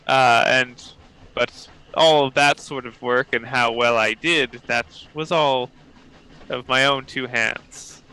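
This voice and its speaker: A man's voice: medium pitch, fairly even intonation, pushed and bright, smooth, low-quality recording. Dr. Lucy, a man playing a formal woman professor. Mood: earnest. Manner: measured, precise, faintly haughty. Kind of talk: tabletop role-play in character.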